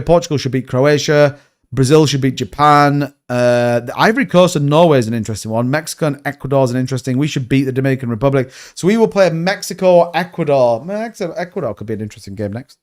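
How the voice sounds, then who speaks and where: A man with a Yorkshire accent, chatting bluntly on a livestream and answering viewers, often repeating himself and calling people mate. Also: mid-range voice. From Yorkshire, England. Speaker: crypto livestream host. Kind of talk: casual livestream chat reading viewer comments.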